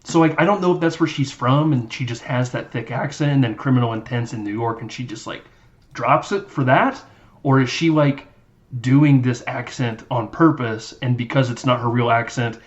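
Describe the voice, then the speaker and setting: A man's voice: mid-range voice, moderate pace, lo-fi sound. Man rambling through a film recap. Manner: rambling, animated, acts out movie lines in silly voices. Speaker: podcast host. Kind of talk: casual film recap chat.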